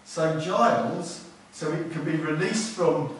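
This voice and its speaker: A man preaches to his congregation, earnest and conversational, leaning on repeated words to drive a point home. His voice sits a touch high for a man and sounds set back from the mic. It rings around a very echoey hall, with a faint hiss underneath. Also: slow pace, recorded from a distance. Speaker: pastor. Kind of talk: sermon. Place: church hall.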